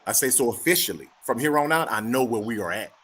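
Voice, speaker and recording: This fast-talking guy performs all the voices in his anecdotes, playing both halves of each exchange during a casual conversation. His pitch is mid-range, and there's faint background noise.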